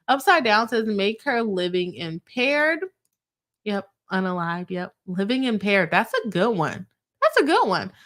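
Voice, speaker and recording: A woman's voice: mid-range voice, fairly bright tone. A woman hosting a casual live stream, reading out viewer comments and laughing often between her remarks.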